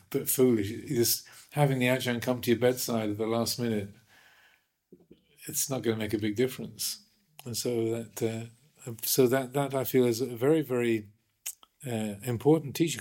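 Man telling stories in relaxed conversation. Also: mid-range voice. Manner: animated, hesitant restarts, laughs while telling stories. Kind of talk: conversational storytelling.

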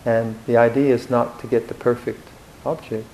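A man giving a Buddhist dharma talk in a reflective, gently humorous way, with hesitant restarts. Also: medium pitch, flat delivery, normal speed, a little hiss or hum, rough recording. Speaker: Buddhist monk teacher.

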